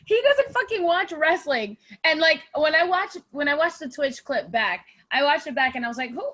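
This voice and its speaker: A woman's voice: high voice, expressive, normal speed, a bit bright. A woman co-hosting a podcast, chatting casually and animatedly, swearing and laughing often. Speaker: podcast co-host. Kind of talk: casual wrestling chat.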